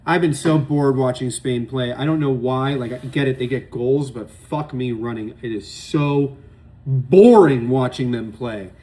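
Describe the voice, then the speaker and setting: Young dude ranting about soccer, swears a lot, rambly, opinions everywhere. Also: male voice, medium pitch, measured pace, warm tone. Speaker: sports podcast host. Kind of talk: casual solo sports commentary.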